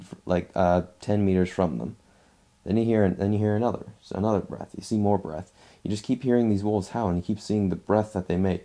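Low gravelly-voiced man reviewing a film. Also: warm tone. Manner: rambling, repeats and restarts phrases. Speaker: movie reviewer. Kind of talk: casual movie review.

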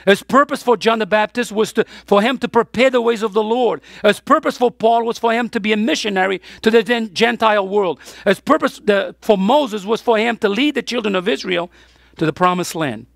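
A man's voice: high voice, fairly quick, vocal fry, fairly bright tone, dry recording. A man preaching a sermon as pastor, emphatic, with his voice rising on the key points.

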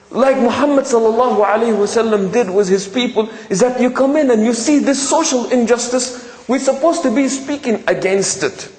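A man delivers a fervent sermon in a strikingly high voice. He keeps firing rhetorical questions and slips into the voices of the people he quotes. The sound carries a long, roomy reverb, as in a large hall. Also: darkish tone. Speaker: imam and preacher.

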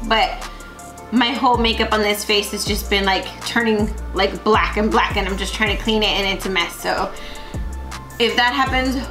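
A young woman from Texas, talking to her camera at home in a casual vlog, rambling with lots of fillers. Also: medium pitch. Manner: talkative, rambling with many fillers. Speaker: vlogger. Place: room at home. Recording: echoey room, faint music behind.

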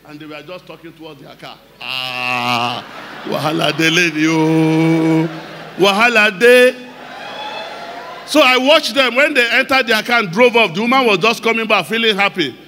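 A man with a Nigerian accent preaching a personal testimony to a congregation, telling the story and breaking into shouted emphasis. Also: high voice, moderate pace. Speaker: pastor. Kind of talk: sermon testimony. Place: large church hall. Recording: echoey church hall with faint noise.

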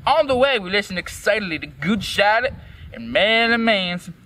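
A man's voice: high voice, lively intonation, a little fast, bright, forceful tone, a little hiss or hum. A man reading a fan story aloud as host, in a comic, dramatic first-person narration.

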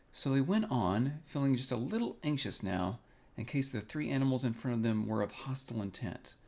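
Male bedtime storyteller, calm and expressive, gravelly texture, lively intonation. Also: mid-range voice, fairly quick. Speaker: storybook reader.

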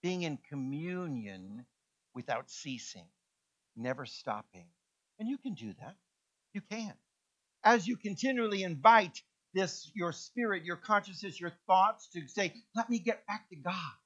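A man preaching in a fairly high voice, acting out little voices and sinking into soft, low passages. The recording is dull and muffled. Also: a little slow. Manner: animated, acts out voices, drops to soft low tones. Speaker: pastor. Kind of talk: sermon. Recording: dull lo-fi sound.

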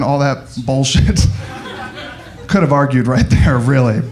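A man performing a stand-up comedy set, animated and exaggerated, jumping in and out of mock voices. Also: medium pitch, moderate pace. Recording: live club with audience laughter.

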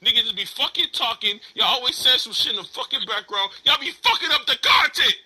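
A man ranting and shouting profanely in a heated audio chat room argument. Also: extremely high pitch, animated, a little fast, husky.

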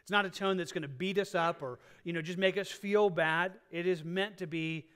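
A man's voice: high-pitched, fairly bright tone, clear, resonant tone. A man preaching a sermon in a church as pastor, earnest, often restarting phrases and drawing out key words. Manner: earnest, repeats and restarts phrases, drawn-out stresses.

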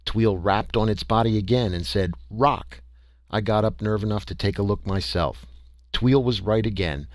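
A man narrating an audiobook in a measured first-person storytelling manner. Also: lowish voice, a little mellow, dry recording.

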